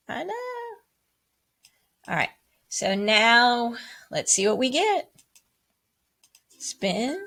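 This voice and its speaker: Woman music teacher, upbeat and playful; talks slowly with a lively, bouncy pitch and chants rhythms for kids. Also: gravelly. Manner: bubbly and playful, with high whoops and cheers; chants rhythm syllables and counts. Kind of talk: online music lesson for children.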